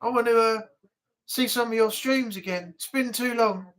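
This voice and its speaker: A man's voice: very high voice, normal speed, fairly bright tone. A man hosting a casual live chat stream from home, chatty and grumbling, swearing now and then.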